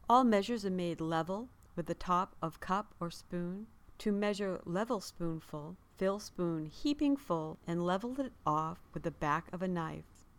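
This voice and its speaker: A woman reading a children's story aloud in a slow, measured way, with recipes read out as part of the tale. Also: fairly low pitch, animated.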